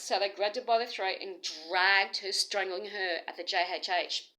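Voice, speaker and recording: A woman's voice: mid-range voice, steady tone, moderate pace, few pauses, pushed and bright, low-quality recording. An Australian woman rambling through an agitated, aggrieved personal complaint, jumping from one story to the next. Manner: agitated, aggrieved, jumps between stories.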